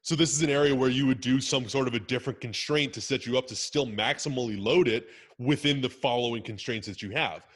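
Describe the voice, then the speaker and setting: A man's voice: mid-range voice, quick pace, few pauses, breathy edge. A man chatting casually on a podcast, emphatic and swearing freely as he explains coaching. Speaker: strength coach guest.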